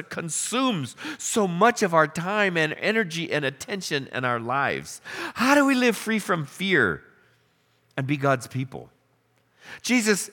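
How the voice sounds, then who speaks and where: A man preaching a sermon, telling the story with animated questions and acted-out lines. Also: high voice. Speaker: pastor.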